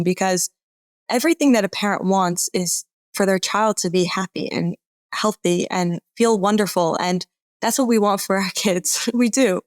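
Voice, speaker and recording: A woman from Atlanta, a parenting expert talking as a guest in a casual podcast interview, chatty and expressive with lots of "like". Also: mid-range voice, no echo, clean studio sound. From Atlanta, USA. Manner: chatty and expressive, heavy use of "like".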